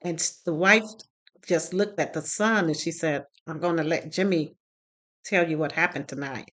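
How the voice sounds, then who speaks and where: A woman's voice: low voice, normal speed, fairly bright tone. A woman who teaches parenting classes, telling a personal story to her phone camera in a casual, emotional way and acting out what people said. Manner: retells dialogue with quoted voices, emotional. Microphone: phone recording herself.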